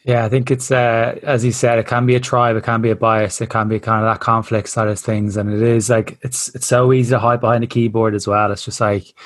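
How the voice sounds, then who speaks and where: A man's voice: medium pitch, little pitch movement, fairly quick, hardly any pauses, no room sound. A man hosting a podcast, easygoing, asking long rambling questions. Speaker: podcast host. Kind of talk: casual interview chat.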